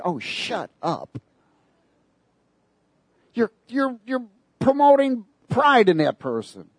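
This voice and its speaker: A man preaching a sermon, lively and sarcastic, laughing between his points. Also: a little high, takes it slowly, pauses often, dry recording.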